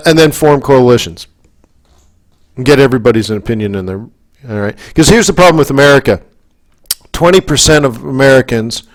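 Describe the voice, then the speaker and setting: Man from Canada, forex coach running live commentary, mid-range pitch, chatty and prone to heated tangents. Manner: rambling, talks in asides, keeps checking in with the audience; gets worked up and emphatic. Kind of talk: live market commentary webinar.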